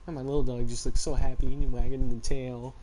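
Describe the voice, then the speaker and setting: A teenage boy talking casually in a vlog, rambling and laid-back. His pitch sits in a middle register. A faint hiss of background noise runs under the voice. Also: little pitch movement, brisk, dark tone. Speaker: vlogger. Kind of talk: casual chat.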